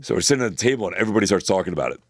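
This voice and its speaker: Homme, co-animateur de podcast, voix grave, raconte avec entrain, jure en passant. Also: male voice, low voice, very fast, dry recording, clean studio sound. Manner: animated storyteller, acts out quotes in a raised voice; swears casually. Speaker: podcast co-host. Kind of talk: casual chat, storytelling.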